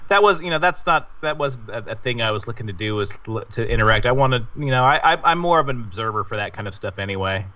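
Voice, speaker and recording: A man's voice: mid-range voice, animated, quick pace, hardly any pauses, bright, forceful tone, dry recording, recorded from a distance, highs cut off. A man co-hosting a podcast in casual chat, hesitant and full of restarts, with a dry sense of humor. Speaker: podcast co-host.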